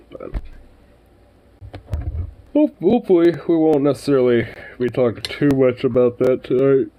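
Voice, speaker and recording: A man's voice: medium pitch, lively intonation, unhurried, pauses often, dull audio. A man streaming live and chatting casually, rambling with many fillers and frequent swearing.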